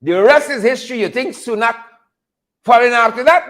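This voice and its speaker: A man's voice: very high-pitched, moderate pace, a bit bright. A man with a Guyanese accent hosting casual political commentary, repeating himself, chuckling and calling out viewers by name. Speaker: host of a political commentary show. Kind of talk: casual live commentary reading viewer names.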